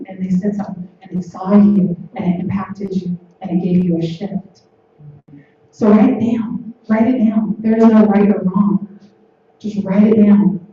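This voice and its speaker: A woman giving a gentle, repetitive spiritual talk from a conference stage. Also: mid-range voice, slight background noise. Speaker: conference speaker. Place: large hall on stage. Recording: echoey hall from far off, dull lo-fi.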